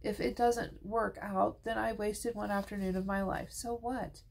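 A woman voicing a sensible preteen heroine in a storybook, wary but reasonable. The voice has a middle pitch and a gravelly rasp from the reader. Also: fairly even intonation, a little slow, a little mellow, a little hiss or hum, low-quality recording.

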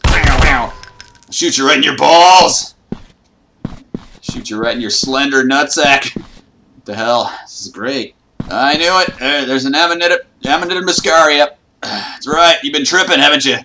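A man playing a horror game and commenting as he goes, joking and boasting, with trash talk and sudden yelps and shouts. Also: a little high, normal speed, pauses often, a little hiss or hum. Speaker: gaming YouTuber.

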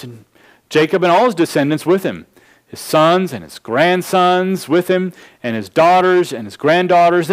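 Pastor, male, somewhat high voice, expository sermon, numbered points, restarts.

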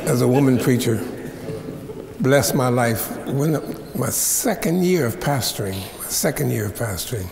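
A man's voice: medium pitch, lively intonation, moderate pace, vocal fry, darkish tone, slight background noise. A man in his seventies, a preacher lecturing at a seminary, who tells folksy stories with playful asides. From United States. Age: 70s. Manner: folksy storyteller, playful asides, stretches words for effect. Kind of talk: storytelling lecture. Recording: echoey hall with long reverb.

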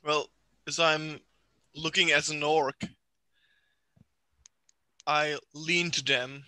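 A man's voice: fairly high pitch, steady tone, very slow, long pauses, bright, forceful tone, clean tone, no echo. A man playing a tabletop game, describing his character's actions. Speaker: player.

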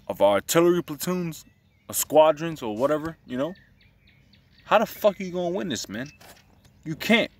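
A man's voice: a little high, big pitch swings, normal speed, far from the mic. A man giving casual religious commentary, profane and agitated, returning to the same phrases again and again.

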